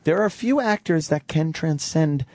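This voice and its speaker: A man's voice: fairly high pitch, expressive, normal speed, a little mellow, dry recording. A male radio host trades crude, profane jokes with his co-hosts. His delivery is blunt and mocking, recorded dry and close in a studio. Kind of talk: crude casual radio banter.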